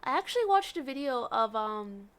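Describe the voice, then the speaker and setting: A young woman on a live game stream talks casually to her viewers and the characters on screen. She teases and laughs often, in a fairly high voice. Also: sing-song, normal speed, fairly bright tone. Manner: playful, laughs often, teasing asides.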